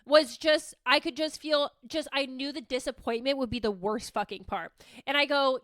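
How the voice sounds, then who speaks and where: Woman, high voice, crisp, dry close sound, casual storytelling, candid, swears freely. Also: lively intonation, moderate pace, fairly bright tone, dry recording. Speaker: podcast host.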